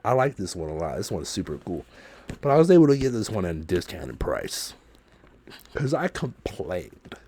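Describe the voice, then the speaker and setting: A man hosting a podcast, telling a story in a loose, profane, animated way. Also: mid-range voice. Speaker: podcast host.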